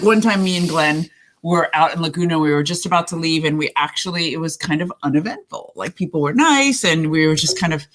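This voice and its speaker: A woman's voice: deep voice, slight background noise. Enthusiastic woman telling a story. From Iran. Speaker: co-host. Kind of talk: casual chat and storytelling.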